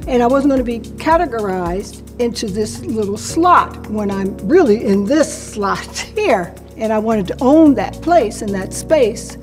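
A woman in her sixties recounting her life story, with a fairly high voice and faint music underneath. She tells it animatedly, slipping into the voices of the people she remembers. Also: expressive, moderate pace, few pauses, a little mellow. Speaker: interviewee recounting her career. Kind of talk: personal storytelling to camera.

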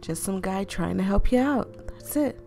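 A woman voicing a calm young male stranger from a story game, speaking softly and reassuringly. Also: mid-range voice, creaky, faint music behind. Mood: soothing. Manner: soft, unhurried and reassuring. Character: calm young man, scarred, gentle stranger.

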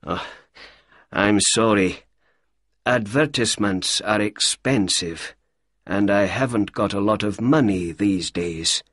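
A man voicing a grey-haired, down-on-his-luck gentleman who speaks slowly, quietly and carefully for a storybook reading. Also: fairly low pitch, no echo, studio quality. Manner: slow, quiet, careful speech.

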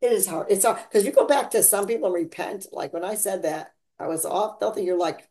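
A woman with a mellow voice, talking a little fast, hosts an informal faith chat as a podcaster. She rambles and laughs, her pitch and volume swinging dramatically.

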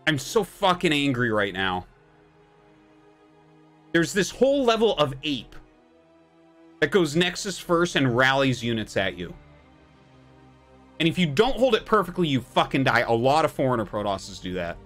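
A man's voice: mid-range voice, sing-song, normal speed, pauses often, fairly bright tone, faint music behind. A man in his thirties, a game streamer, ranting at his chat and his opponents with heavy swearing and exasperation. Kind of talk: live-stream commentary while playing.

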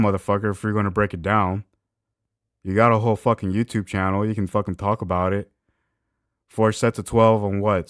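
A man hosting a reaction video, ranting with crude, sarcastic mockery and swinging between loud outbursts and low mumbles. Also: clear, resonant tone, no echo, clean studio sound. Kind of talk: profane ranting reaction commentary.

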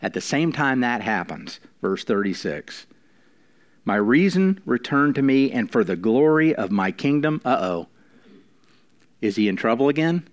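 A man pastor preaching a sermon, slowing down for emphasis and dropping to quiet, intimate lines between louder emphatic ones. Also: mid-range voice, very animated. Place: church.

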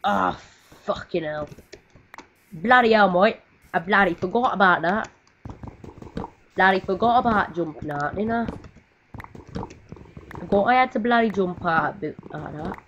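A woman's voice: medium pitch, unhurried, long pauses, fairly bright tone. A woman, giving rambling, swear-heavy casual commentary while playing a game. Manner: rambling, swears often, sings to herself. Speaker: gaming video creator. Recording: muffled noisy home mic.

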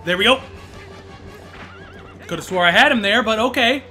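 Man, let's play host: high, bright voice that swings wildly, excitable yelps and groans over faint game music. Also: normal speed. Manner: excitable, loud exclamations and groans. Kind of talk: live gameplay commentary.

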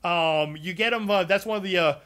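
A man's voice: sits high, brisk, sharp tone, clear, resonant tone. A man streaming a casual game build walkthrough to his live chat, loose and chatty with lots of ums and uhs. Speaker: gaming streamer explaining a character build.

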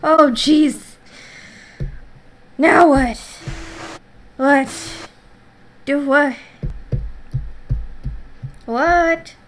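A woman's voice: high-pitched, drawn-out words, long pauses, slight background noise, rough recording. A woman gamer giving goofy, playful let's-play commentary, humming silly noises as she plays. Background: game music.

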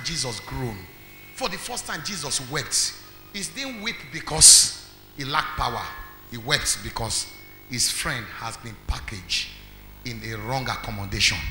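A man with a Nigerian accent preaching a sermon as pastor, quizzing the congregation and building to shouts. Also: mid-range voice, slight background noise. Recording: echoey hall with faint music.

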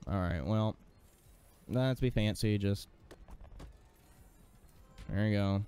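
A man's voice: on the low side, slow, dark tone, clear, resonant tone, faint music behind. Exasperated, sweary male gamer. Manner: exasperated, swears a lot, rants at the game. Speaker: gaming streamer. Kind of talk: frustrated gameplay commentary.

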